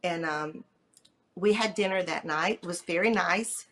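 A middle-aged woman guest on a podcast, telling a personal story in a lively way and acting out the quoted dialogue. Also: measured pace. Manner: lively, acts out quoted dialogue with pitch jumps.

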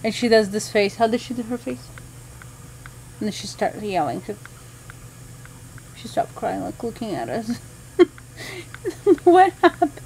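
A woman's voice: medium pitch, expressive, normal speed, vocal fry, pauses often, darkish tone, slight background noise, low-quality recording. A tired woman talking casually to her viewers at home about her sick baby, rambling and chatty. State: tired, unwell. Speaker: vlogger mother. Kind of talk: casual home vlog chat. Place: home at night.

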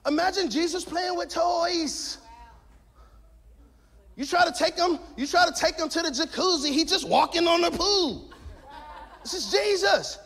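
A man pastor preaching a lively sermon, shouting his key points and mixing in jokes. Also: very high voice, a little slow, vocal fry, long pauses. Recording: long hall reverb.

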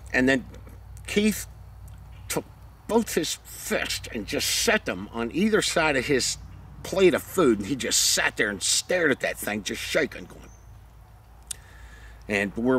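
A man's voice: medium pitch, slight background noise. A retired Navy SEAL, a man, telling war-buddy stories casually with lots of swearing, acting out the scenes. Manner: profane, animated, acts out the scenes.

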